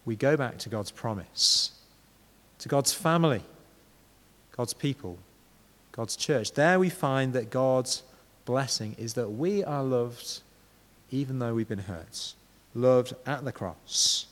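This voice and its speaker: Preacher with hall reverb. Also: male voice, mid-range voice, expressive, slow, pauses often, a bit bright. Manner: conversational, with frequent rhetorical questions. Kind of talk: sermon.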